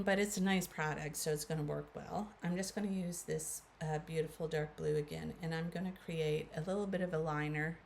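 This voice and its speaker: A little hiss or hum runs under the voice of this woman, which is on the low side. In her fifties and Canadian-accented, she chats through a makeup tutorial as a beauty vlogger, calling viewers guys and using lots of fillers.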